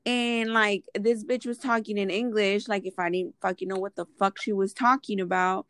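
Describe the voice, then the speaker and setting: A woman co-hosting a podcast in casual chat, blunt and profane, getting loud when riled. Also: mid-range voice, fairly even intonation, normal speed, no echo. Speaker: podcast co-host.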